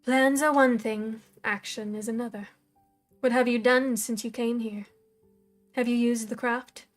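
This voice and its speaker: A woman voicing a cold, scornful dark mentor. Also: on the high side, fairly even intonation, measured pace, soft background music, lightly acted. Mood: cold, commanding.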